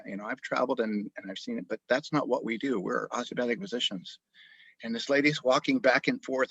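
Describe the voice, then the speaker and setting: Male doctor, husky mid-pitched voice, dry muffled video-call sound, lively storyteller. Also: no room sound. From grew up in Japan. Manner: animated storyteller, frequent restarts. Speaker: osteopathic family physician. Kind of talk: storytelling interview.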